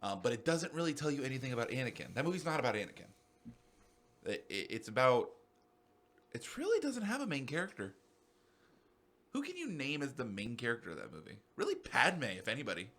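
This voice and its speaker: A young man co-hosting a podcast in casual chat, rambling excitably and swearing freely. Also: medium pitch, fairly quick, pauses often. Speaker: podcast co-host.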